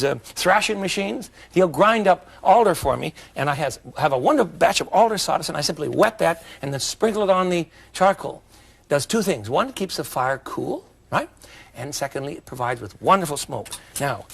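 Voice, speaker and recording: A man hosting a cooking demonstration in a studio kitchen, talking in a folksy, chatty way with jokes and asides, and getting excitable when enthused. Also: on the high side. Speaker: cooking show host.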